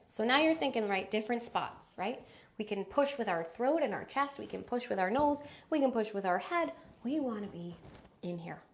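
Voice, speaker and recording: A woman teaching a live online lesson on speaking voice, demonstrating habits with exaggerated examples. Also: a little mellow. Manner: demonstrative, shifts pitch and volume to show habits. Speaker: voice and speaking coach.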